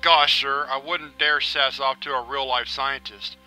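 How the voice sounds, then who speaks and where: A man's voice: medium pitch, fairly even intonation, unhurried, pushed and bright, soft background music, poor audio. A man voicing an eager, polite teenage boy who thinks he is a space cop, full of gee-whiz exclamations.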